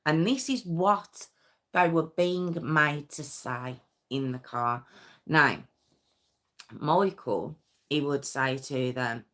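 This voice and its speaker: A woman's voice: low voice, slow, long pauses, a bit bright. A woman hosting a live true crime stream, telling the story conversationally with many fillers and restarts.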